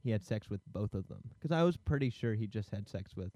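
A man's voice: on the low side, lively intonation, brisk, dark tone, no room sound. Man, podcast co-host, casual, jokey, swears a lot, dry close sound. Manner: swears freely, jokey and self-deprecating. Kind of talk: casual film discussion.

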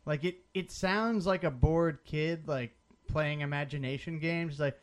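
A man co-hosting a casual comedy movie podcast, sarcastic and animated, slipping into mock voices as he riffs. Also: fairly high pitch, unhurried. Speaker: podcast co-host.

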